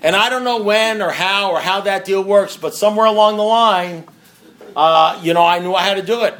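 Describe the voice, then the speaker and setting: A man's voice: high voice, normal speed, a bit bright. A man sharing a story with a recovery meeting, rambling and self-mocking, with many asides to the listeners. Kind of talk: storytelling share to a meeting audience.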